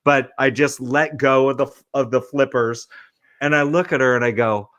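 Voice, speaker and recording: A man's voice: mid-range voice, measured pace, no echo. A man in his forties from California, telling a comic story, cursing freely and acting out quotes. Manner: animated, profane, acts out quotes. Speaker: podcast host.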